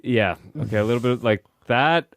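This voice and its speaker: A man's voice: medium pitch, normal speed, creaky, fairly bright tone, dry recording, clean studio sound. A man hosting a casual podcast chat, rambling and correcting himself as he goes. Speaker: podcast host.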